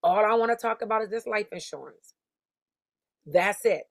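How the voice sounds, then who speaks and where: A woman's voice: mid-range voice, normal speed, gravelly, no echo, studio quality. A woman voicing a blunt, scolding old woman in her seventies. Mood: stern. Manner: scolding, no-nonsense.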